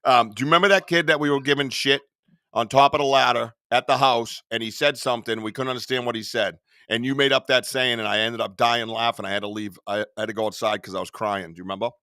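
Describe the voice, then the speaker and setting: A man hosting a casual podcast, loud and laughing often, who swears freely as he tells stories. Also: medium pitch, steady tone, fast talker, dry recording, studio quality. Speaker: podcast host.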